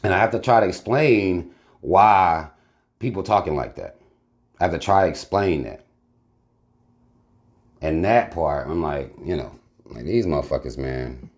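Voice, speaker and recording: A man's voice: low-pitched, animated, measured pace, long pauses. A man hosting his channel, talking bluntly in casual commentary with heavy swearing. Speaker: channel host reacting to a video.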